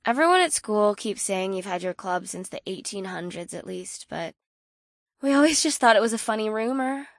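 Ageless succubus, playful and knowing, mid-pitched; actress. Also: female voice, lively intonation, moderate pace, no room sound, studio quality, natural voice. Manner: playful, knowing, sing-song. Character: ageless, sly succubus woman.

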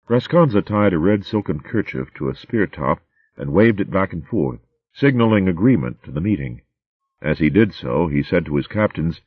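A man reading a story aloud in a steady, measured audiobook narration. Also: low-pitched, breathy edge, no echo, lo-fi sound.

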